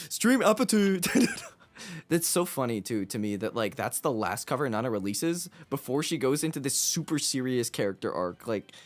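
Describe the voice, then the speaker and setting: Laughing, animated man over music. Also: mid-range voice, normal speed. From United States. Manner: laughs often, loose and joking. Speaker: streamer. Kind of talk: casual chat on a group call.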